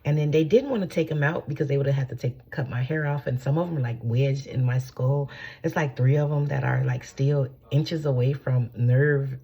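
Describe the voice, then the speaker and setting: A woman with a low, gravelly voice talks from home in a loose spiritual teaching. She rambles, swears freely and keeps checking in with her listeners. Her tone is dark and a little husky. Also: normal speed, highs cut off. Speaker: spiritual channeler. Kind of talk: casual spiritual teaching talk.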